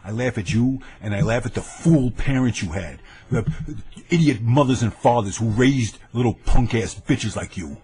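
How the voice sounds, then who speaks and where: A man delivers an angry, boastful rant straight into his webcam. His voice is husky and middle-pitched, and he keeps hammering the same phrases for emphasis. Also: animated, moderate pace, a little mellow. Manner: combative, boastful, repeats lines for emphasis. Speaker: vlogger ranting to camera. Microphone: webcam mic.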